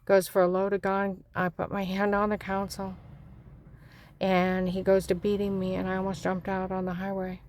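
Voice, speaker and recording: A woman's voice: medium pitch, darkish tone, a little hiss or hum. A woman giving a rambling, fragmented personal testimony.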